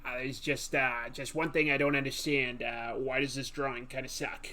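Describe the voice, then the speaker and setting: A man's voice: medium pitch, little pitch movement, sharp tone, close to an everyday voice. A man impersonating a rumpled middle-aged TV detective who hesitates and keeps asking one more question. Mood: puzzled. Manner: halting, full of "uh" and polite follow-up questions.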